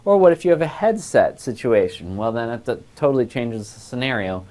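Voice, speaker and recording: A man teaches singers in a patient, explanatory lecture, his mid-pitched voice picked up on a clip-on lapel mic. He lays out each point step by step, like a recorded class. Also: expressive, a little fast, a little mellow. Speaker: voice class instructor.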